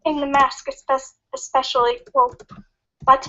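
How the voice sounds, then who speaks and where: High-voiced stammering young woman. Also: moderate pace, a bit bright. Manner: hesitant, stammering, giggly. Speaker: fanfic reader, guest. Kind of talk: casual chat and reading aloud. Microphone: computer mic on a video call. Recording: muffled lo-fi mic with faint hiss.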